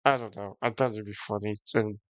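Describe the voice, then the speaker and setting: A man's voice: fairly low pitch, fairly even intonation, fairly quick, no echo. A man streaming games, ranting casually to his chat, swearing often, frustrated, and breaking into short laughs. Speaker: game streamer.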